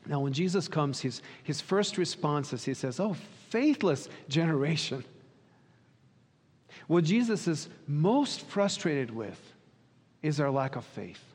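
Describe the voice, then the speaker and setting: A man's voice: fairly high pitch, expressive, a little slow, a little mellow, slightly rough. A man preaching a sermon in an earnest, questioning way, sometimes acting out quoted dialogue. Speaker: pastor. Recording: long reverb of a hall.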